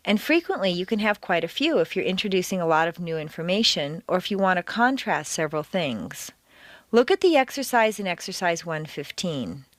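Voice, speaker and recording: A woman reading a scripted audio lesson as a pronunciation coach, giving clear, deliberate instructions and stressing words strongly to show intonation. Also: medium pitch, dry recording. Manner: clear, deliberate teaching delivery with exaggerated stress. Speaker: accent coach.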